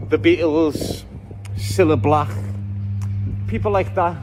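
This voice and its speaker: A man's voice: on the high side, fairly even intonation, slow pace, over music. A man with a Liverpool accent walking the city streets, talking to his viewers in a cheeky, joking street-vlog style. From Liverpool, England. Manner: jokey, cheeky banter with viewers. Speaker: vlogger.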